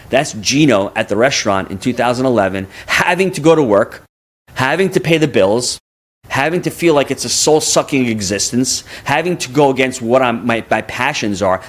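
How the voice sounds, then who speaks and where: Man in his fifties, podcast guest, energetic, repeats words as he talks, mid-pitched voice. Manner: energetic, repeats words while building a point. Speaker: guest, real estate investor. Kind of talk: conversational podcast interview.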